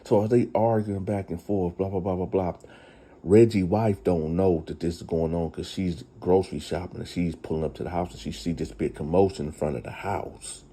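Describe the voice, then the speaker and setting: A man's voice: low-pitched, fairly even intonation, normal speed, warm tone, husky. A man hosting a casual storytime retelling, chatty and talking straight to his listeners. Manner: chatty, addresses listeners directly. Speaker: storyteller host.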